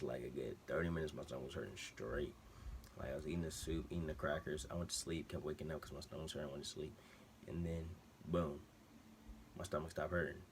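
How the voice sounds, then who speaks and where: A man's voice: extremely low pitch, a little hiss or hum. A man vlogger telling a story casually at home, slangy and rambling, with many side digressions. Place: room at home with a TV on behind.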